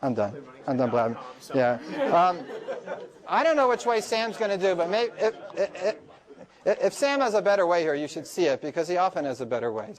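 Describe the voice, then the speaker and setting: A man in front of a class, spinning a story with lively, swooping pitch and frequent laughter. His voice sits a little above average for a man. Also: a little fast, crowd noise. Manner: animated storytelling, laughs often. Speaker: lecturer. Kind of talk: telling an anecdote in class.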